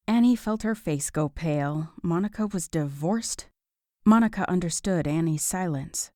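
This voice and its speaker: A woman narrating a romance audiobook in a measured, even storytelling voice. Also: lowish voice, no echo, studio quality.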